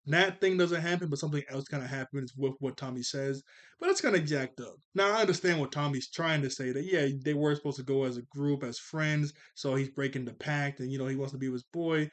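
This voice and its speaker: A man's voice: mid-range voice, a little fast. A man in his twenties casually reviewing a cartoon episode, rambling and often correcting himself. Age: 20s. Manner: rambling, laid-back, self-correcting.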